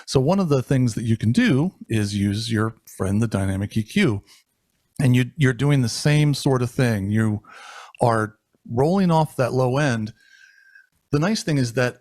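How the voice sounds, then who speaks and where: A man's voice: mid-range voice, lively intonation, measured pace, darkish tone, no echo, clean studio sound. A man teaching live sound, casually explaining a mixing console as he talks into a handheld microphone held at varying distances. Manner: casual, rambling with restarts and fillers. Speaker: audio engineer instructor. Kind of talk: live-streamed technical demonstration. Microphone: handheld dynamic mic moved near and far.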